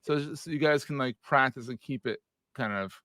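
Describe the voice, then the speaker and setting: A man's voice: mid-range voice, moderate pace, fairly bright tone, no room sound. A man in his forties hosting a podcast interview in a joking, casual way, laughing often. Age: 40s. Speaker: podcast host.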